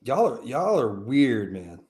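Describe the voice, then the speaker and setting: A man's voice: medium pitch, big pitch swings, takes it slowly, darkish tone. A young man co-hosting a podcast in casual banter, emphatic and saying "bro" and "dude" often. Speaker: podcast co-host.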